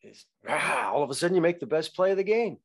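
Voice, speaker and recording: A man speaking as a podcast guest in casual conversation, reflective and halting, often restarting his sentences. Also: a little high, expressive, husky. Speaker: actor guest.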